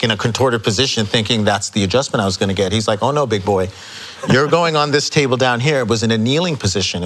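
A man telling stories as an interview guest, acting out quoted dialogue with lively energy. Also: lowish voice. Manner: animated storyteller, acts out quoted dialogue. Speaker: chiropractor guest. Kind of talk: casual storytelling interview.

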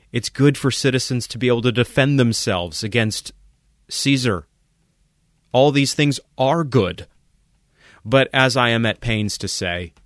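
Man, podcast host, low voice, dry close sound, emphatic, rhetorical questions. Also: a bit bright, no echo. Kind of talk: impassioned commentary monologue.

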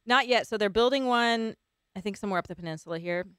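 Quick, smooth-voiced woman podcast host. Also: medium pitch, a bit bright, no echo, studio quality. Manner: playful, teasing. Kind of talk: casual podcast chat.

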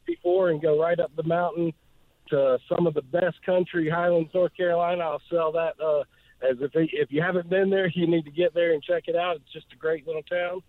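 A man from northeast Georgia, calling in to a radio show and speaking earnestly, with many pauses and fillers. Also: fairly high pitch, fairly even intonation, dry recording. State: emotional. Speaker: caller. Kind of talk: call-in radio chat. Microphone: phone. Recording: tinny phone line, dry.

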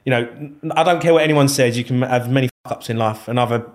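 A man, a former footballer telling stories in a casual interview, animated and swearing freely as he acts out old conversations. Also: mid-range voice, fast talker.

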